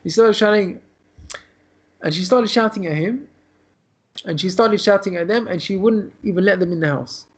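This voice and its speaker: A man's voice: sits high, normal speed, pauses often, breathy edge. A man, a rabbi, teaching a lesson by telling a story in a loose, run-on way over a video call. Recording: dull lo-fi video call audio.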